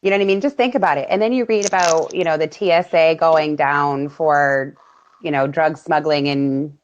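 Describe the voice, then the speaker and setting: A low-pitched woman in casual chat, leaning hard on her points and circling back to the same phrases. The sound is dull and lo-fi, missing some brightness. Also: steady tone, moderate pace. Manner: emphatic, repeats herself, trails off mid-sentence. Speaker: podcast co-host. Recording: dull lo-fi audio.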